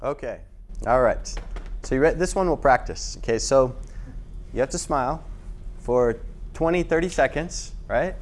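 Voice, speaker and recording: A man's voice: medium pitch, moderate pace, long pauses. A man teaching voiceover tips in a loose, casual talk with restarts.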